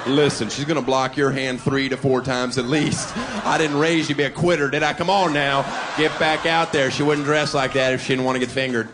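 A man's voice: medium pitch, steady tone, brisk, lightly acted. A man voicing a crude, blunt father giving his son a brash pep talk in a stand-up bit. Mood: gruff coaching. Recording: live club with loud crowd noise.

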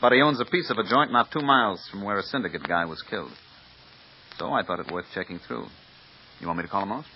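A man's voice: on the low side, expressive, quick pace, slight background noise. An actor playing a clipped, businesslike male police lieutenant in a 1950s radio drama. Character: brisk, matter-of-fact male police lieutenant. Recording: dull lo-fi old radio recording.

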